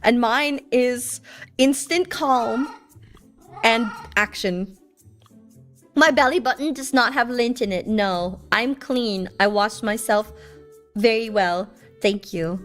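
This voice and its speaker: High-pitched young woman streamer, slow easy talk, teasing chat with faint music underneath. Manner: playful, teasing, storytelling. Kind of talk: casual chat with viewers.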